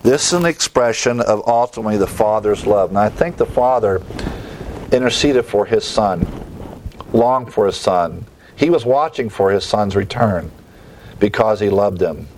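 A man's voice: expressive, moderate pace, darkish tone, slight background noise. A man preaching a sermon as pastor, reading scripture aloud with a lifted voice, commenting plainly and closing in prayer. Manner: reads scripture aloud with raised pitch, then comments plainly; ends with a spoken prayer.

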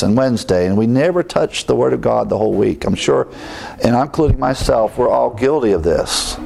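A man's voice: mid-range voice, gravelly, darkish tone. A man preaching an expository sermon in a church, earnest and emphatic, rising on his key words. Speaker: pastor.

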